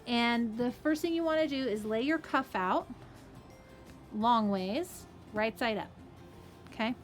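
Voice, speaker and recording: A woman who runs a fabric shop, explaining a sewing project in a chatty, casual way and checking in with "okay?" as she goes. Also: a little high. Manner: chatty, friendly asides, frequent "okay?" and "right?".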